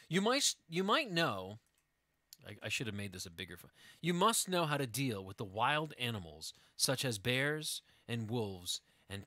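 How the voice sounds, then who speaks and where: A man's voice: medium pitch, bright, forceful tone, dry recording, studio quality. A man hosting a casual gaming livestream, rambling through a goofy story with laughs. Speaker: livestream host. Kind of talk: casual gaming stream chat.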